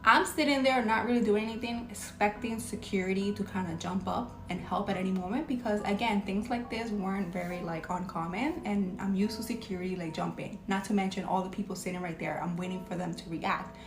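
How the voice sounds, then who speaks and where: A woman recounts a story from her hospital job in a loose, chatty way, with filler words sprinkled through her speech. Her voice has a middling pitch. It bounces around an echoey room. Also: fairly even intonation, a little fast, few pauses, faint music behind. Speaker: hospital registration worker telling a story. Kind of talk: casual storytelling from a social video clip.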